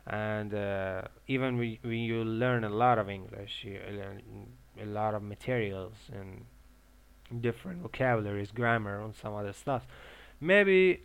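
A young man from Iran, talking casually as an English learner giving advice, with many filler pauses and restarts. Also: lowish voice, clear, resonant tone. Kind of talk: casual monologue.

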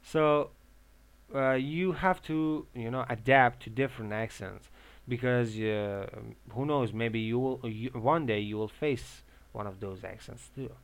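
A young man from Iran speaks English in a relaxed, unscripted monologue. His voice is smooth and resonant at a mid pitch. He stops often on filler sounds and restarts his sentences as he explains his tips for learning English. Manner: halting, with many filler pauses and restarts. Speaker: English learner giving advice. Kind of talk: casual monologue.

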